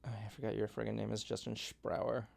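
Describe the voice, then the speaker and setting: A man's voice: on the low side, completely flat delivery, fairly quick, vocal fry, a loud crowd. A man hosting a casual talk show, joking and teasing his co-hosts with crude humor. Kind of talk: casual chat.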